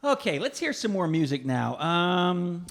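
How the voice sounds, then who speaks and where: A man's voice: high voice, sing-song, a little slow, gravelly, a bit bright. A man hosting a radio show, bantering playfully in the studio. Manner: playful, teasing. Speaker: radio host.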